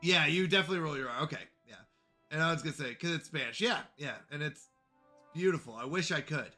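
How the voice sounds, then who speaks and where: While playing a game on a live stream, a man chats casually with his viewers, rambling in a friendly way and talking to chat. His voice is a little high with a sharp tone, and faint music plays in the background.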